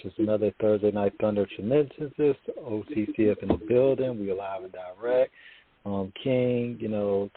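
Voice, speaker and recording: A man co-hosting a radio show, effusive and thankful, talking casually. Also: on the low side. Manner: effusive, thanks everyone over and over. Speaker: co-host. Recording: tinny phone line, dry.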